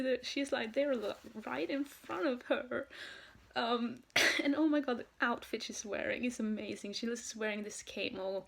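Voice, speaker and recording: A woman from Norway, telling a story in an excited vlog, full of "like" and "um". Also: on the high side, gravelly. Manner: gushing, excitable, heavy use of "like" and "um". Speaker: vlogger.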